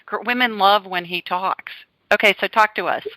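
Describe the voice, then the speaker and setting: A woman hosts a call-in radio show, chatting and telling stories in a warm, animated way. Her voice is bright and forceful, and the recording is dry and close. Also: mid-range voice, moderate pace, dry recording, low-quality recording. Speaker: radio show host, psychic.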